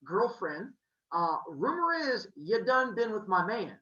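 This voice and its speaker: A man's voice: high voice, sing-song, slow pace, pushed and bright, far from the mic, pitched above the performer's own voice, exaggerated voice. A man voicing a jealous, vengeful queen goddess with a sassy, scolding manner in a comic myth retelling. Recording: roomy, slightly muffled.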